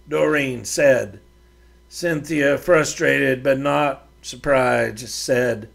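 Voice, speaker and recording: Host narrating a western serial, slow, gravelly delivery. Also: male voice, mid-range voice. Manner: slow, measured storytelling. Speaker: podcast host and author reading his serial. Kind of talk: storybook narration.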